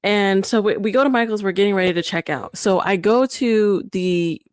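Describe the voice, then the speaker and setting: A woman chats on a podcast in a lively, story-telling way, with a middle-pitched voice. She acts out what people said and laughs through it. The sound is dry and close, with no room around it. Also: normal speed, clean tone, dry recording. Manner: animated, acts out quotes with laughter. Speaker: podcast co-host. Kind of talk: casual chat, storytelling.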